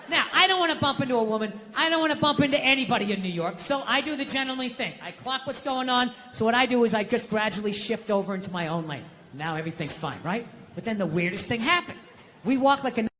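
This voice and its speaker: A man's voice: extremely high pitch, sharp tone. A middle-aged man doing a profane, exasperated stand-up routine on stage before a live audience. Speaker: stand-up comedian. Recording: live show with crowd laughter and noise.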